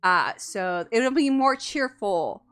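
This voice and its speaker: A woman's voice: medium pitch, animated, slow pace, fairly bright tone. A woman from the United States, a VTuber streamer, chatting casually and playfully, teasing and giggling often. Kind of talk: casual live-stream chat.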